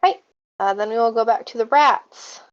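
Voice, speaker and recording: A woman narrating a tabletop game as game master, relaxed and halting with many fillers. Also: on the high side, no room sound, dull audio.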